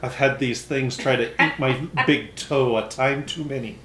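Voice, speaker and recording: A man doing a wary, gruff blacksmith. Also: mid-range voice, steady tone, normal speed, a bit bright, a little hiss or hum, natural voice. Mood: dry. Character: wary, seasoned male blacksmith. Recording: roomy echo.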